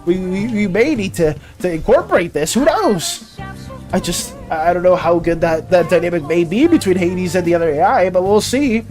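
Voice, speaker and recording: Flustered streamer who trips over words; bouncy, animated delivery, faint music bed. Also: mid-range voice, normal speed. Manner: stammering, repeats words, flustered and defensive. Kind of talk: casual live-stream chat while drawing.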